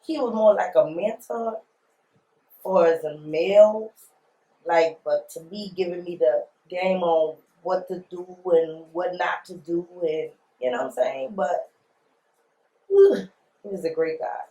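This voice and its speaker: A woman's voice: fairly low pitch, takes it slowly, warm tone. A woman, telling her story in an interview in a blunt, emphatic way, repeating phrases and using slang. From New Orleans, USA. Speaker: rapper being interviewed. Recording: roomy echo.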